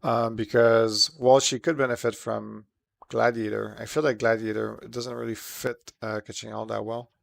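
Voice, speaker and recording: A man with a slightly sore throat, chatting casually with viewers while streaming a game, relaxed and full of fillers. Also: fairly low pitch, moderate pace, vocal fry, no room sound. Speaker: streamer answering chat questions. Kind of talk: casual live-stream chat while gaming.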